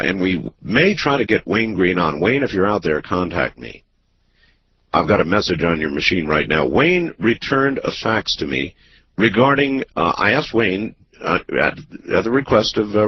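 A man hosting a radio talk show, speaking in a measured, drawn-out way with many pauses. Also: low-pitched, breathy edge. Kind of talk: late-night radio talk. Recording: muffled broadcast audio with faint hiss.

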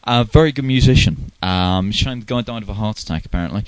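A man's voice: on the low side, fast, clear, resonant tone, dry recording. A man hosting an internet radio show in casual chat, loose and joking, with plenty of filler words.

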